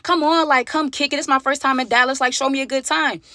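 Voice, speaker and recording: A woman's voice: high voice, steady tone, fast, pushed and bright, dry recording, clean studio sound, pitched above the performer's own voice. A woman voicing a bubbly, insistent young female fan in a story time. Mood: pushy.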